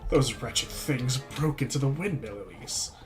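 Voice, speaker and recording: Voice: medium pitch, expressive, unhurried, over music, natural voice. A streamer voicing a restless young village man in a horror game, brusque and in a hurry.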